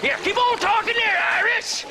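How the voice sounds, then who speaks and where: An actor playing a coarse, jeering, threatening outlaw thug. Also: male voice, extremely high pitch, moderate pace, noisy background. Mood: menacing.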